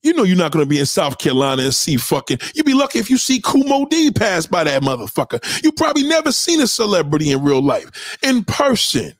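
High-pitched New man ranting hard. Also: very animated, brisk, no room sound. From New York City. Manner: profane, loud, lecturing, rhetorical questions; swings pitch widely for emphasis. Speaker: commentator. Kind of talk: heated ranting commentary.

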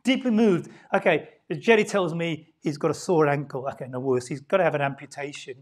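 A woman preaching a sermon in a church. She talks conversationally, asks the congregation questions, and swings from loud emphasis down to hushed near-whispers. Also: low-pitched, fast. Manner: conversational, with rhetorical questions and laughs.

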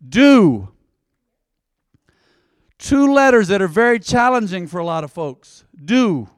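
A pastor preaching a sermon, telling stories and calling on the congregation to repeat after him. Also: male voice, sits high, brisk, clean tone, no echo, studio quality. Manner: animated, storytelling with congregation call-and-response.

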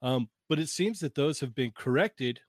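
A man's voice: mid-range voice, lively intonation, normal speed, dry recording. A man hosting a casual group livestream, upbeat and laughing easily as he reads viewer messages. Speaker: livestream host.

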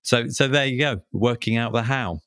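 A man co-hosts a podcast, chatting casually and hesitantly with many fillers and restarts. His mid-range voice is a bit bright and moves at a moderate pace, recorded dry in a clean studio.

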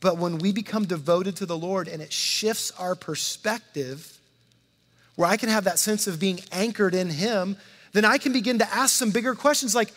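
A man with a high voice preaches a sermon in a relaxed, conversational way, often repeating his words and acting out the quotes. His voice rings with a long reverb, as if in a large hall. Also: moderate pace. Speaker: pastor.

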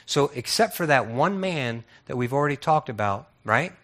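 A man preaching a sermon as a pastor, telling the story with lively acted-out voices and frequent repeated words. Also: mid-range voice, normal speed.

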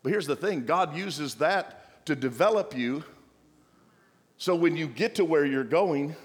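A man's voice: a little high, expressive, measured pace, in a large hall. A male pastor preaching a sermon, exhorting the church with playful asides and mock voices of the congregation.

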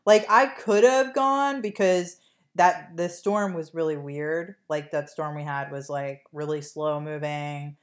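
A woman with a notably low voice and a non-native English accent chats on her podcast. She rambles loosely, full of ums and likes, slipping in deadpan jokes. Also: a little slow. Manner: rambling, filler-heavy, joking. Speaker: podcast co-host. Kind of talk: casual chat.

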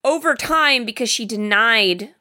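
Bright-voiced woman discussing a film. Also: a little high, lively intonation, unhurried. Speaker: podcast co-host.

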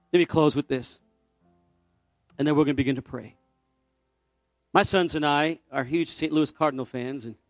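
A middle-aged male pastor delivers a sermon, telling a personal story before urging his congregation to respond. His voice sits fairly high, and he keeps moving between relaxed storytelling and passionate exhortation. The mic is close and dry, with soft music playing underneath. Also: no echo. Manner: storytelling, building to fervent exhortation. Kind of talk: sermon with altar call. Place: church sanctuary.

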